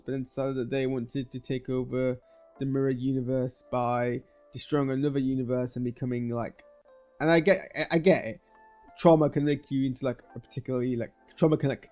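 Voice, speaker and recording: A warm, medium-pitched male voice delivers a loose film review as a video creator, full of hesitations and restarts. He's recorded through a streaming webcam setup.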